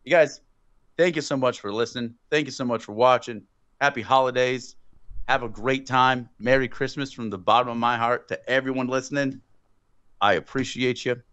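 A man co-hosting a horror podcast in crude, joking banter, often laughing and cursing, and swinging loud and high when riled. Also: steady tone, moderate pace, clear, resonant tone, no echo. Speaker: podcast co-host. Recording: dull dry lo-fi sound.

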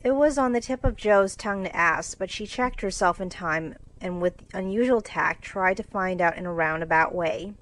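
A woman narrating a classic storybook for English learners in a clear, measured reading voice. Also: mid-range voice, rough recording.

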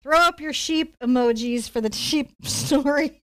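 A middle-aged woman teaching a live painting lesson, telling a story in a chatty, animated way and laughing often. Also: sits high, unhurried. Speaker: painting instructor.

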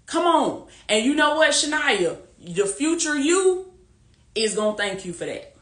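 This faith-based life coach runs a casual livestream pep talk on a phone or webcam, very animated but at a measured pace. Her slightly high voice rings in an echoey room as she rallies viewers, preaching warmly, repeating herself, and laughing a lot.

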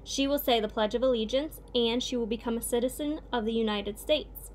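A woman reading a children's picture book aloud in a steady, clear storytelling way. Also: a little high, brisk, slight background noise. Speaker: reader.

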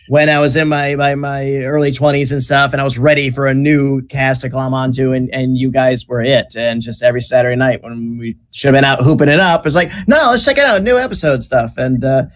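A man in his fifties hosting an online fan panel over a video call, talking hesitantly with many "uh"s and restarts. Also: mid-range voice. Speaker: panel host.

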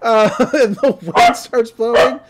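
A podcast host giving a casual, giggly recap of a cartoon episode, retelling scenes in an animated way. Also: mid-range voice, takes it slowly, heavy background noise.

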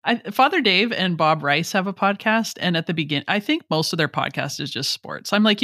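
A woman's voice: on the low side, expressive, fairly quick, few pauses, fairly bright tone, dry recording, studio quality. A woman co-hosting a podcast, talking in a reflective, easygoing way. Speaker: podcast co-host. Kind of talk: casual chat.

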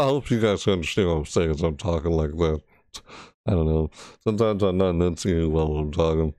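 A man's voice: low-pitched, a little fast, dark tone, dry recording, clean studio sound. A man giving casual, rambling reaction commentary on a game, chatty and full of restarts. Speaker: gaming video creator.

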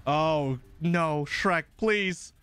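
A young man hosting a horror game playthrough, reacting excitably with shouts and laughs. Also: a little high, very slow, smooth. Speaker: gaming video host.

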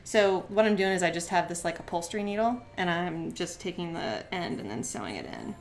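A woman's voice: fairly low pitch, expressive, a little fast, gravelly, slight background noise. A woman chatting casually while demonstrating a craft on a live stream, giggly and full of "like" fillers.

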